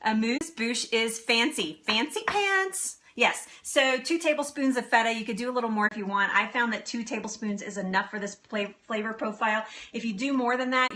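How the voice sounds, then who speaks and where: Bright, giggly woman hosting a cooking stream. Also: mid-range voice. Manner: chatty, giggly, answers viewer comments. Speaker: cooking show host. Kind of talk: live-streamed cooking demo. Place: home kitchen.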